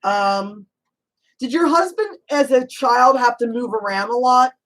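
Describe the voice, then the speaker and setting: A woman's voice: a little high, low-quality recording. A woman working as a psychic medium, giving a casual reading in a chatty way, laughing often and calling the listener honey. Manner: chatty, warm endearments, frequent "you know"; laughs easily, asks rapid probing questions.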